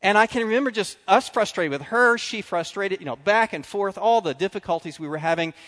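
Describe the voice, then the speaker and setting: A man preaching a sermon, telling stories with animated swings between loud and quiet. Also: high-pitched, a little fast. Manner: animated storytelling, drops to quiet confessional tones. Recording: long reverb of a large hall.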